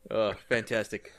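A man on a casual podcast retelling scenes with animated storytelling, laughing often. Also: lowish voice, smooth. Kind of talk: casual chat.

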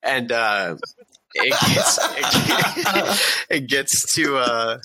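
A man's voice: medium pitch, very animated, extremely slow, noisy background. A young man, a podcast guest, telling a long casual army story full of swearing and breaking into laughter. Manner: profane, laughs through his own story.

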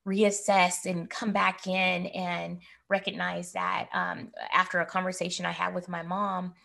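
A woman's voice: fairly low pitch, level tone, unhurried, gravelly, sharp tone, rough recording. A woman in her forties telling a personal story in a candid, reflective way, as co-host of a casual talk. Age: 40s.

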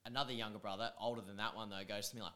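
An Australian man chats as a podcast guest with a bright, forward voice. He jokes loosely, swears freely and laughs often. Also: lowish voice, fairly even intonation, racing. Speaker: podcast guest, music producer and DJ. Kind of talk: casual chat.

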